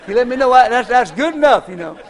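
An older preacher with a very high voice for a man tells homespun stories from the pulpit. His delivery is folksy and conversational, leaning on plain country phrasing. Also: animated, fast talker, some chatter behind, slight background noise. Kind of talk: sermon with personal stories.

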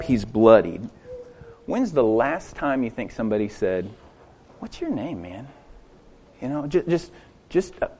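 A man preaching a sermon, retelling a story with lively rhetorical questions and frequent restarts. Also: mid-range voice. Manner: animated storytelling with rhetorical questions and repeated words. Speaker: pastor.

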